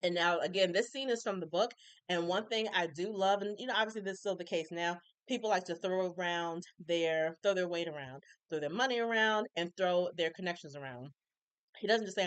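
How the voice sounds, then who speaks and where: A woman recapping a TV episode in casual chat, opinionated and animated, acting out characters' lines with colloquial asides. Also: lowish voice, fast talker, smooth, no room sound. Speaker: recap reviewer.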